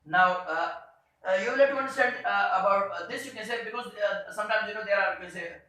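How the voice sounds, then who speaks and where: A man teaching a grammar lesson, hesitant with many fillers, slowing down to read example sentences aloud. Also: sits high, sharp tone. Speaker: English teacher. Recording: very echoey room.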